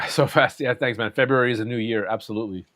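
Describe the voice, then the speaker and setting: A man's voice: mid-range voice, fairly even intonation, fast talker, a bit bright, no echo. A man hosting a casual chat, rambling along with lots of ums and restarts. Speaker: host.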